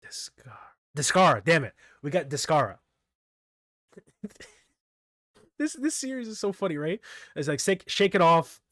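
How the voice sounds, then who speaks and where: A man's voice: on the high side, sing-song, measured pace, long pauses, a bit bright, no echo, studio quality. A man recapping manga chapters in a casual solo talk, rambling, laughing often and stumbling over names. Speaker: manga reviewer.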